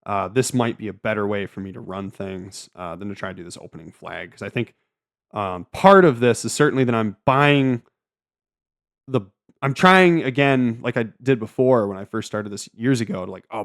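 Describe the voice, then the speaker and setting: A man hosting a casual solo trading recap, rambling with frequent stammers, restarts and filler words. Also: medium pitch. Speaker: trading channel host.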